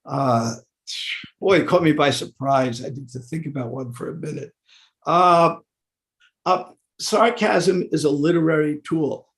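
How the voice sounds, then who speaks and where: Teaching a devotional scripture class, an elderly speaker talks warmly yet haltingly, stumbling into fillers and starting over. His voice is gravelly, fairly high and fairly bright.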